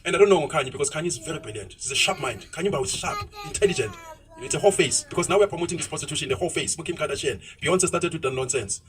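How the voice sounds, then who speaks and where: A man's voice: on the high side, sing-song, rapid-fire, fairly bright tone, distant mic, rough recording. A South African man giving an opinionated monologue while driving, ranting and mixing in isiZulu phrases. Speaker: vlogger. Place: inside a moving car.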